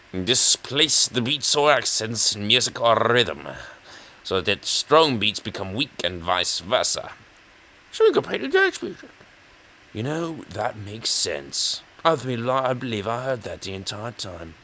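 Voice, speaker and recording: A man's voice: fairly low pitch, sing-song, unhurried, bright, forceful tone. A man giving casual commentary on a brain-training game, reading on-screen text aloud and joking about it. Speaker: let's player.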